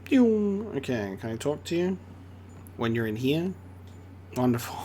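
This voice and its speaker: A man's voice: mid-range voice, expressive, moderate pace, a little mellow. Male gaming streamer, casual, reads on-screen text aloud, faint noise behind him. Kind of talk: let's-play commentary.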